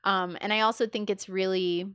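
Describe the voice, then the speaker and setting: Speaking at a moderate pace in a steady, mid-range voice, this woman sounds fairly bright, clear, and resonant. She's chatting on a casual podcast, eager and filler-heavy, performing quoted dialogue as she goes. The studio-quality recording has no echo.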